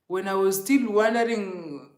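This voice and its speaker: A woman's voice: mid-range voice, a little slow, darkish tone, echoey room. A Kenyan woman telling an emotional, rambling storytime to her viewers, often calling them guys. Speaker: vlogger. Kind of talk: storytime vlog.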